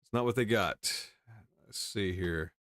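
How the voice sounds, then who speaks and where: A man's voice: on the low side, measured pace, a bit bright, dry recording, clean studio sound. A male host casually reading and commenting on news stories, wry, with chuckling asides.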